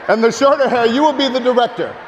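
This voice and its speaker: High-voiced energetic man on a big stage. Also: brisk, dull audio, slight background noise. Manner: animated, joking, urging the crowd. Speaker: speaker at a marketing event. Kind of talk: energetic live seminar talk. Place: large hall with audience. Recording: long hall reverb.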